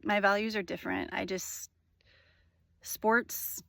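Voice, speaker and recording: A woman's voice: mid-range voice, flat delivery, takes it slowly, gravelly, a bit bright, no echo, clean studio sound. A young woman telling a personal story in a casual, rambling monologue, full of fillers and swearing. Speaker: vlogger.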